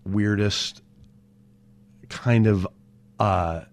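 A man in his forties from Southern California, a TV writer telling stories as a podcast guest in an animated way, often restarting his sentences. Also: on the low side, drawn-out words. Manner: animated, with frequent restarts and repeated words. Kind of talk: casual storytelling in an interview.

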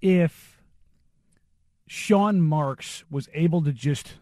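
A man co-hosting a casual chat, opinionated and full of quick asides. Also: on the high side, warm tone. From Texas. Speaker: podcast co-host.

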